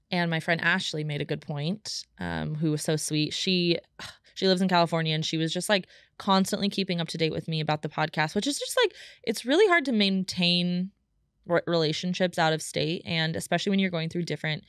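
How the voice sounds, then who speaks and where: A young woman talks through a solo podcast episode in a rambling, heartfelt way, leaning on "like" between thoughts. Her voice sits on the low side. The studio sound is dry and close. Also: animated, fairly quick, dry recording. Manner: chatty and emotional, heavy use of "like". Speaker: podcast host.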